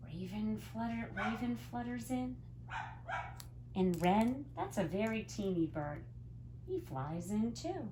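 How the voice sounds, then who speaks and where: A woman teacher reading a picture book aloud to young children, gently explaining words as she goes. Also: medium pitch, animated, slow pace, a little hiss or hum. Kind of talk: storybook read-aloud to children.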